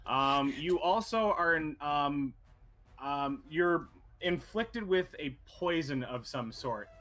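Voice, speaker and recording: A man's voice: fairly high pitch, expressive, slow, fairly bright tone. A man narrating a tabletop game as game master, casual and rambling, cursing freely.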